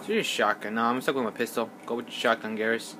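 A man's voice: mid-range voice, steady tone, fast, very noisy. A man giving casual let's play commentary while he plays, rambling and mocking himself, sometimes mumbling words over and over under his breath. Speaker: gamer.

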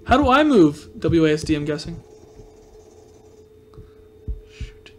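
A young man giving casual let's play commentary, excitable and self-mocking, yelping and groaning at every shot. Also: fairly high pitch, slow, slight background noise. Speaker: gaming video host.

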